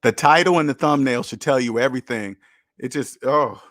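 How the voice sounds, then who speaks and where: A medium-pitched man at a moderate pace, fairly bright in tone, answers viewer comments on a casual livestream with emphatic rhetorical questions. The camera mic recording is dry and studio quality.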